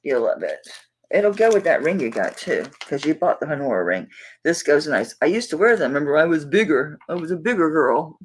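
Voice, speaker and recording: A woman's voice: low-pitched, very animated, a little fast, slight background noise, poor audio. A middle-aged woman with a Southern accent hosting a live jewelry auction, chatting casually and affectionately with viewers. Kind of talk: casual livestream chat.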